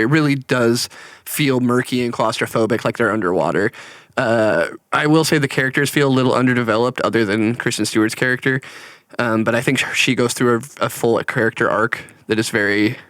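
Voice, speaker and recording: A man's voice: medium pitch, brisk, a bit bright, no room sound, clean studio sound. A young man co-hosting a casual podcast, laughing often, swearing and acting out movie lines as he reviews films. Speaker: podcast co-host. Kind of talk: casual chat.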